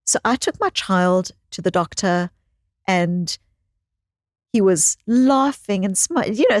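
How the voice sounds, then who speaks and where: A woman's voice: mid-range voice, no echo. A woman psychologist speaks as an interview guest in a mid-range voice. She tells stories expressively and leans on repeated phrases for emphasis. The recording is close and dry, with no room sound. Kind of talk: conversational interview storytelling.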